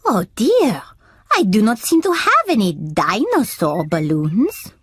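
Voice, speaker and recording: Gazelle teacher. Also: female voice, medium pitch, wildly swooping pitch, takes it slowly, noisy background. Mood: apologetic. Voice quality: lilting, formal. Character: elegant female gazelle teacher, gracious. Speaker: ballet teacher.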